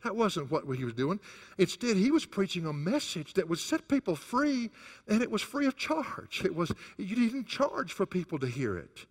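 A male pastor delivers a sermon with a wide, animated pitch range that rises high on his key points. His voice sits a little above average for a man. The sound carries a long reverb, as if from a large sanctuary. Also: normal speed. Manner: rises and falls sharply for emphasis, chuckles between points.

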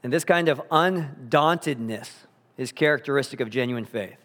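A man preaching a sermon, earnest and emphatic, slowing down to repeat key phrases, in a church sanctuary. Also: medium pitch, a bit bright. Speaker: pastor. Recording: long hall reverb.

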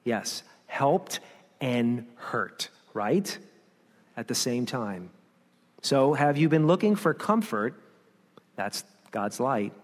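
A man's voice: medium pitch, expressive, takes it slowly, pauses often, big-room sound. A male pastor preaching a sermon, emphatic, with rhetorical questions and repeated refrains.

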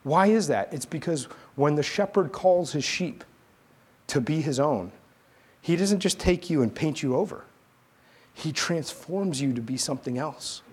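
A man preaching a sermon as pastor, telling stories in a casual, animated, conversational way. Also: a little high, slightly rough. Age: adult, army veteran.

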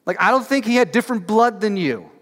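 Guy preaching a sermon, kinda high voice, super casual, lots of "like", keeps firing questions at the crowd, long echoey church hall. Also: expressive, quick pace. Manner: casual and conversational, many "like" fillers; emphatic rhetorical questions to the congregation. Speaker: pastor. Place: church sanctuary.

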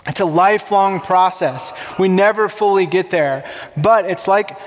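A man with a notably high voice preaches a sermon in a relaxed, conversational way, often throwing rhetorical questions to his congregation. His voice rings out with the long reverb of a large church sanctuary. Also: measured pace. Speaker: pastor.

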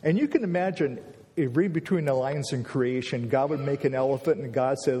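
Male preacher, conversational sermon, mellow voice, long church reverb. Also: mid-range voice, a little fast. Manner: conversational, storytelling, acts out scenes.

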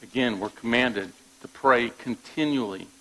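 Gravelly-voiced male preacher. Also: mid-range voice, unhurried, fairly bright tone, low-quality recording. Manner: conversational preaching with frequent "all right?" check-ins; repeats words when restarting thoughts. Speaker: pastor. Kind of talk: sermon.

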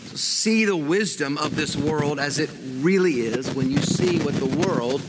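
A man's voice: a little high, unhurried, heavy background noise. Earnest preaching man, reverberant hall. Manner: earnest preaching with rhetorical questions. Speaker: pastor. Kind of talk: sermon.

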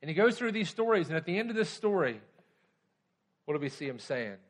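A pastor preaching a conversational sermon, often checking in with the congregation. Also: male voice, a little high, very animated, fairly quick.

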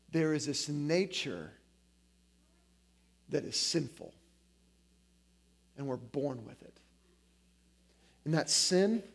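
A man in his forties preaching a sermon in a loose, conversational way, dropping filler words as he spins stories. His voice sits fairly high for a man. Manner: conversational, many "like" fillers, animated storytelling. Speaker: guest preacher.

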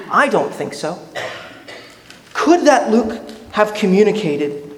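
A man's voice: sits high, very animated, moderate pace, pauses often, slight background noise. A man preaching a sermon as pastor, earnest and questioning, often restarting his words. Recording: echoey hall reverb.

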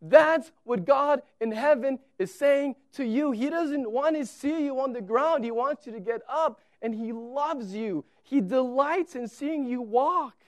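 Male pastor preaching, animated storyteller, dry close sound. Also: extremely high pitch, a little slow, few pauses, dry recording. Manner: storytelling, animated, repetitive emphasis. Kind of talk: sermon. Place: church.

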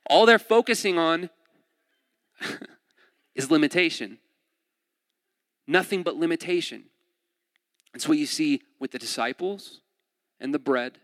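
A man's voice: a little high, a little slow, pauses often, a bit bright, no echo. A young man preaching a casual, conversational sermon, joking and laughing often and restarting his sentences. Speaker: pastor.

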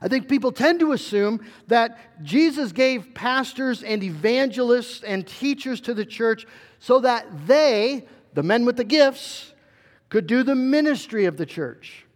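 High-voiced male pastor preaching in a hall. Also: animated, a little slow. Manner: earnest preaching with fillers and restarts. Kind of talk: sermon.

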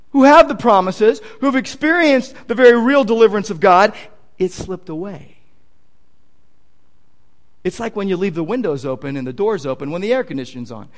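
A male pastor preaching a sermon in a conversational, emphatic way, with casual asides to the congregation. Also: extremely high pitch.

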